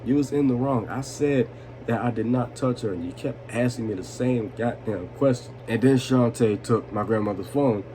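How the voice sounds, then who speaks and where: A young man, a few vodkas in, tells a rambling vlog story full of swearing and laughter. His voice sits at an ordinary middle pitch. A faint hiss of noise runs underneath. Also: moderate pace, dark tone. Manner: loose, swearing, laughing, asks "you know what I'm saying". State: tipsy from vodka. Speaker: vlogger telling a story. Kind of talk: drunk storytime, casual and profane.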